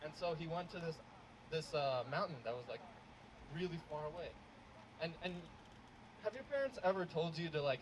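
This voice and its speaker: A man's voice: a little high, animated, normal speed, long pauses. A young man doing a casual, rambling stand-up set outdoors, full of likes. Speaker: stand-up comedian. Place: outdoor show. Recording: noisy outdoor recording.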